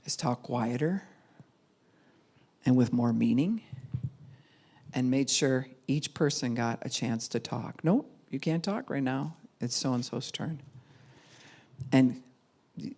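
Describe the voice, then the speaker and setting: Middle-aged woman pastor, conversational teaching. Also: low voice. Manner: conversational, acts out quoted voices. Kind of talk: sermon teaching.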